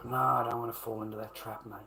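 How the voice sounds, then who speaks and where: A man's voice: medium pitch, flat delivery, fast, vocal fry, sharp tone, rough recording. An Australian man ranting casually to a live chat, rambling and repeating himself with heavy swearing. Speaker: livestreamer.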